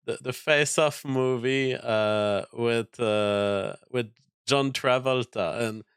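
A man's voice: mid-range voice, takes it slowly, fairly bright tone, clean tone, no echo, studio quality. A man streaming, reacting to clips with profane rants. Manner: ranting, profane.

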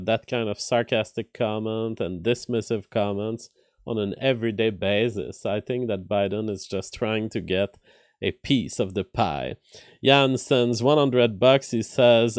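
A man's voice: lowish voice, clean tone, no room sound, studio quality. A man hosting a live stream of casual news commentary. He thinks aloud with restarts and filler words, and reads headlines before commenting on them.

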